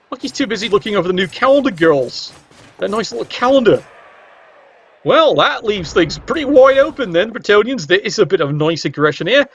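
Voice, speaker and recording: A man with a high, slightly bright voice gives cheeky commentary on a video game match, full of wry asides and casual swearing. The recording sounds dull and lo-fi.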